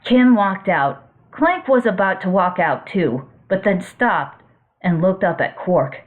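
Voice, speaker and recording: A woman reading a fan-fiction story aloud in a plain, steady way. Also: mid-range voice, takes it slowly. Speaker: story reader. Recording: tinny phone-like audio.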